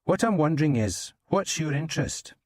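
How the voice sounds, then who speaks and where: Male reader as a blunt probing detective, husky, lively, dry sound. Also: on the high side, dry recording, pitched above the performer's own voice. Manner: probing, brisk questions. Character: blunt Scottish male detective inspector, dogged.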